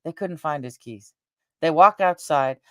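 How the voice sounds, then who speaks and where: Middle-aged woman, low voice, rambling animated storyteller, casual chat, dry room. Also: measured pace, no room sound. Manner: rambling, animated, talks with her face. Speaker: vlogger.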